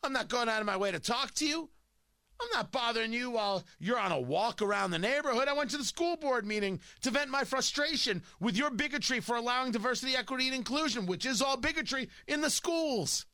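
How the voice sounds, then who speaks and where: A man hosting an opinion show, talking loud, combative and mocking. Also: very high voice, expressive, fairly quick, no room sound, clean studio sound. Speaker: talk radio host. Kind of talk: opinion monologue.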